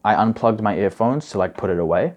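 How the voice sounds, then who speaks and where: A young man speaks in a slightly low voice, chatting through advice like a coach. He leans on "like" and "bro" constantly, loose and conversational. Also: animated, brisk, darkish tone. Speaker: study coach. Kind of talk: casual advice monologue.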